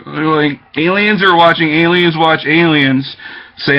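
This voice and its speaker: A man's voice: fairly high pitch, a little slow, bright, forceful tone. A man giving an agitated, rambling monologue to his webcam, jumping from topic to topic. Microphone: webcam microphone. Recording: dull lo-fi webcam audio.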